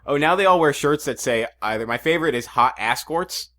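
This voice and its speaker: A man co-hosting a podcast, chatting in a relaxed way and laughing often. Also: on the high side, brisk. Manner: laid-back, amused, laughs often. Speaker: podcast co-host. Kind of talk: casual chat.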